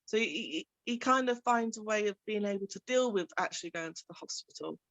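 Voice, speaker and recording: A woman's voice: mid-range voice, fairly quick, fairly bright tone, dry recording. A young woman with a Birmingham accent, a parent talking casually in an interview and acting out what others say. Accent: Birmingham English. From England. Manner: chatty, acts out quoted speech, laughs often. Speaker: parent guest.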